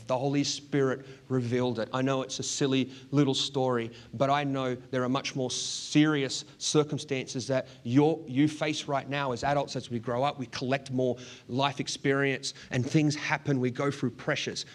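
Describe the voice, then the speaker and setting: A man's voice: medium pitch, flat delivery, normal speed. A middle-aged man preaching a sermon, telling a personal story earnestly and laughing often as he goes. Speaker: pastor.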